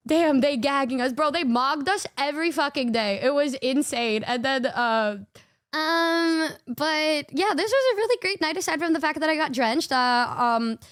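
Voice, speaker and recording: A young woman casually telling trip stories, excitable and slangy, swearing freely and laughing often. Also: high-pitched, normal speed, dry recording, clean studio sound. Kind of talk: casual storytelling.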